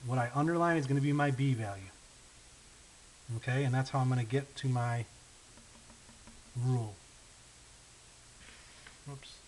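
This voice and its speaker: A man teaching a math lesson, walking through word problems step by step, often checking in with "okay?" and slowing down on the key numbers. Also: medium pitch, low-quality recording. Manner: patient, checks in with frequent "okay?" and "right?"; thinks aloud while writing, slows down on key numbers. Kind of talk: recorded lesson walkthrough. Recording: faint hiss.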